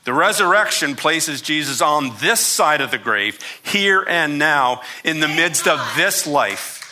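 Casting: man doing a wry, folksy older Southern preacher, Southern US accent, forceful bright tone. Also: a little high, lively intonation, measured pace, heavily acted. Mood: folksy, emphatic. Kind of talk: sermon reading.

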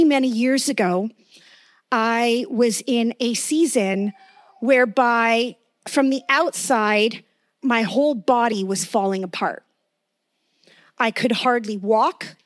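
A woman preaching in an earnest, conversational way, weaving in her own testimony and often checking in with her listeners. Her voice sits a little high for a woman, and the recording is dry and close with no room sound. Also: no room sound. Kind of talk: sermon with personal testimony.

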